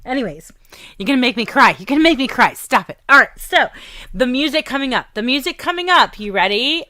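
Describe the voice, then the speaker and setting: A woman with a Southern American accent hosting a radio show, chatting warmly and gushing about the music with frequent laughs. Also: sits high, expressive, a little fast, no echo. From Southern United States. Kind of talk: casual radio show chat.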